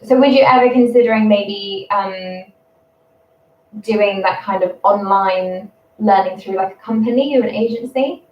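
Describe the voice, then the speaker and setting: A young English woman in her twenties, a primary school teacher chatting casually on a livestream, rambling and quick to laugh. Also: medium pitch. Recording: roomy, distant, dull sound.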